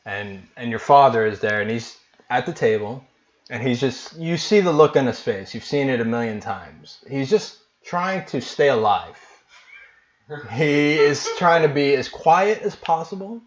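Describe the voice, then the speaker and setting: A man running a tabletop game as game master. He narrates casually and haltingly in a mid-pitched voice. The recording is muffled and lo-fi. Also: lively intonation. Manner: casual, hesitant, many fillers.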